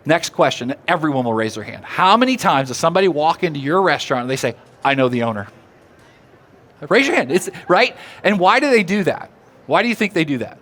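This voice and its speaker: A man giving a live seminar talk, animated and drawing the audience in with questions. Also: on the high side, fairly quick. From Oklahoma. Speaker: seminar speaker. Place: seminar room.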